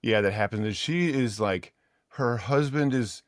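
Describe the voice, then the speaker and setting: A man's voice: mid-range voice, measured pace. A man co-hosting a podcast, animatedly retelling a story in casual book chat and laughing often. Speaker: podcast co-host.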